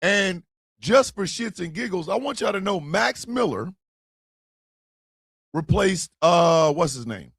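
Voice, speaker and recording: A man giving casual, slangy reaction commentary, stammering and breaking into loud outbursts. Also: high-pitched, sing-song, slow pace, gravelly, pauses often, husky, no room sound. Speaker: streamer and political commentator.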